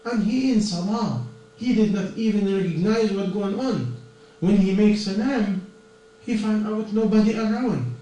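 High-voiced preacher in an echoey hall. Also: male voice, measured pace, dark tone. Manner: earnest, non-native English with plain grammar slips. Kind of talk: sermon. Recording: echoey distant room recording with mains hum.

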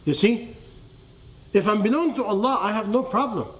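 A religious teacher with a notably high-pitched voice preaches a sermon to a live audience, animated and at a moderate pace. He keeps quizzing his listeners with rhetorical questions and drops to a near hush on the key phrases.

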